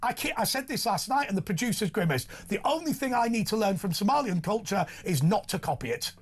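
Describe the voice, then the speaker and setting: A man hosts a late-night talk show in a high, lively voice that swings widely. His tone has a husky grain, and he delivers blunt, provocative opinions. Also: fast talker. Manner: blunt, provocative, laughs at own jokes. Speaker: talk radio host.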